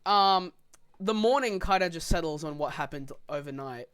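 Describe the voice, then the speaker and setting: Young podcast co-host, loose and rambling storyteller, swears and laughs a lot, mid-pitched voice. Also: lively intonation, normal speed, fairly bright tone, clean tone. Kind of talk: casual storytelling chat.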